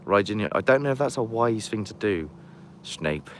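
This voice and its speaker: A man's voice: fairly low pitch, a little fast, slight background noise. A man chatting casually on a live stream outdoors by a castle, rambling and greeting viewers as he walks. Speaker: paranormal investigator streaming live.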